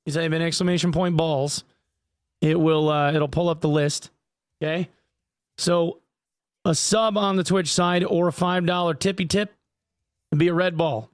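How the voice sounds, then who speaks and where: A man's voice: fairly high pitch, steady tone, moderate pace, long pauses, dry recording, clean studio sound. A man streaming live, chatting casually with viewers, jokey and profane. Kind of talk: casual livestream chat.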